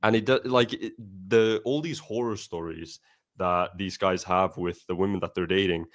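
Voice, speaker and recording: A man's voice: low voice, normal speed. A man hosting a casual podcast chat, emphatic, often calling his guest "bro".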